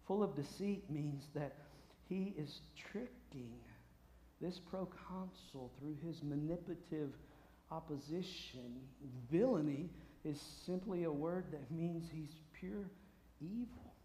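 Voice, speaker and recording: A man preaching a sermon, swinging from booming shouts to hushed asides. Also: slow, slight background noise. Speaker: pastor. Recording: roomy echo.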